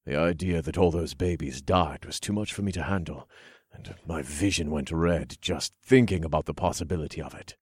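A man with a very low, deep voice reads a fantasy novel aloud in the first person. His storytelling is calm and even. The recording is dry and close, with no room sound. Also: normal speed, husky, dry recording. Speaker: audiobook narrator.

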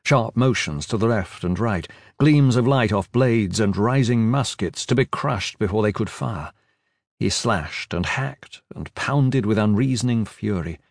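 A man's voice: on the low side, measured pace, dry recording, studio quality. A man giving an intense, dramatic fantasy audiobook narration with shifting emphasis.

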